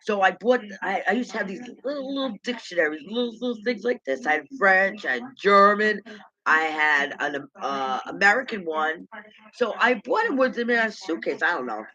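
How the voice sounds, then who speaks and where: Middle-aged woman vlogger, bright and forceful tone, meandering storyteller who stumbles and restarts, on a dull lo-fi recording. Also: medium pitch, animated. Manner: halting, loose storyteller who repeats words and laughs at her own memories. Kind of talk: rambling personal storytelling.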